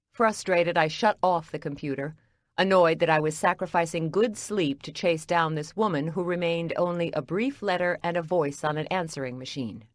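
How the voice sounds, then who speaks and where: A woman reading a first-person audiobook in a wry, expressive way. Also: low voice, no room sound, studio quality. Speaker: audiobook narrator.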